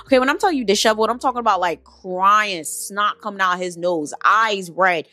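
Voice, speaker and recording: A young woman tells a storytime in a blunt, heavily profane, animated way, slipping into quoted asides. Her voice is bright and forward, recorded close and dry, with faint music underneath. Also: medium pitch, a little fast, no echo. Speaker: vlogger. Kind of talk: storytime vlog.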